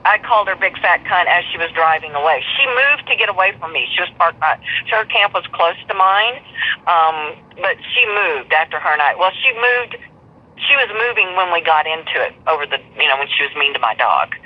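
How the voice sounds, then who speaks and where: Blunt, foul-mouthed woman guest, husky and rambling, on muffled low-fi audio. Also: expressive, fairly quick. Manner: blunt, profane, rambling storyteller. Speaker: interview guest. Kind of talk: live stream interview.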